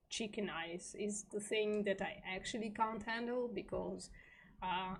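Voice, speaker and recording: A woman's voice: fairly high pitch, darkish tone. A woman streaming live, reading an article aloud and breaking off into emotional, heavily sworn asides, tearful at times. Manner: slow, swears often, emotional asides.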